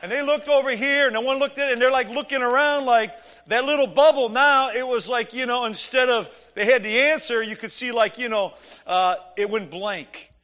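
A middle-aged man preaching, telling an animated, joking story and acting out the dialogue. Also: very high voice, normal speed, few pauses. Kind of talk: sermon storytelling.

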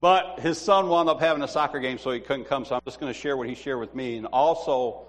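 A man's voice: medium pitch, fairly quick. Chatty man preaching in a reverberant hall. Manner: chatty, animated storytelling with laughs. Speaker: church teacher. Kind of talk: informal sermon.

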